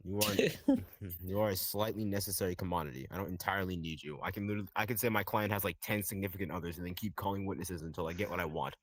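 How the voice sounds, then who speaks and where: A man with a low, lively voice rattles off bossy, mock-threatening lines as a role-play lawyer. His delivery is quick and close, with a dry, dead sound. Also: no echo. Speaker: lawyer in a role-played court. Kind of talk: casual role-play banter.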